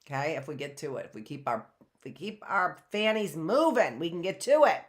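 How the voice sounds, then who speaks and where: A woman's voice: low voice, big pitch swings, brisk. A middle-aged woman teaching an online phonics lesson, patiently repeating and sounding out words for young learners.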